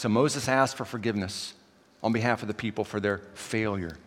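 A man preaching a sermon, his voice swinging from loud passages to quiet, intimate ones. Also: mid-range voice, steady tone, a little fast, long reverb tail. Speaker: pastor.

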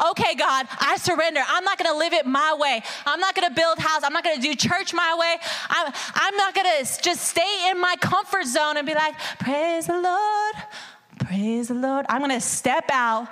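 A woman preaches an energetic sermon in a high, bright voice. She is animated and hyped, calling the congregation y'all. Her voice rings through a long hall reverb.

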